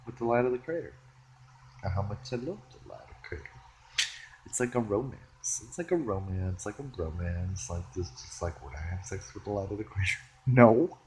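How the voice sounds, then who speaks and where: A man rambling in a solo vlog, playful and giggly, swinging between excited bursts and hushed musing. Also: low-pitched, slight background noise. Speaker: vlogger.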